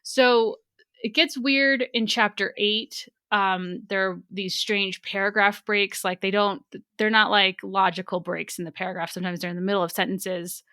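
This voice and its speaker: A woman's voice: medium pitch, fairly even intonation, moderate pace, bright, forceful tone, clean tone, no echo, studio quality. A woman co-hosting a book club podcast, talking casually and animatedly with many restarts. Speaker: podcast co-host.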